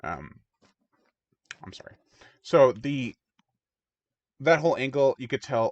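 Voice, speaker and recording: A man doing a rambling, chatty movie review in a mid-pitched voice. The sound is a little dull and lo-fi, with a dry, close room tone. He drifts between opinions and quick mock voices of the characters. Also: big pitch swings, no room sound. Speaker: movie reviewer, channel host. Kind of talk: casual spoken movie review.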